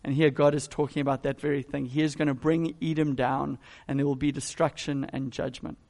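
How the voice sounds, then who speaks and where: A man's voice: medium pitch, little pitch movement, brisk, vocal fry, darkish tone. A male pastor giving a conversational, emphatic sermon.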